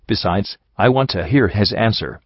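A man reading as a soft-hearted weary mare. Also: fairly low pitch, normal speed, no echo. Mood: even. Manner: even, gentle. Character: weary female pony heroine, soft-hearted. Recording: dry, slightly dull home recording.

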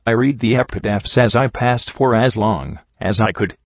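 A man narrates a first-person story in a low voice with wry, measured pacing. The recording is dry, with no room sound. It sounds slightly dull and lo-fi. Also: no room sound. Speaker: audiobook narrator.

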